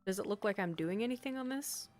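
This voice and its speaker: A Canadian woman chatting on a live stream, reading chat aloud and reacting with sudden bright exclamations. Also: mid-range voice, lively intonation, quick pace.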